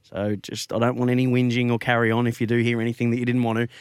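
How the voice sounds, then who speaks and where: A man's voice: mid-range voice, monotone, quick pace, clear, resonant tone, no room sound, clean studio sound. A man hosting a radio show, casual and teasing with his co-hosts. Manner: upbeat, teasing. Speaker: radio host. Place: radio studio.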